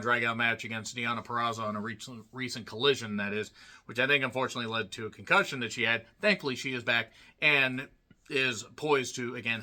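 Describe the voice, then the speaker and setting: Blunt male host, bright edgy voice, frequent throat-clearing, casual ranking rant. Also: mid-range voice. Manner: blunt, profane, clears throat often, animated on names. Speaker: wrestling commentator and list host. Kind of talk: casual opinionated ranking monologue.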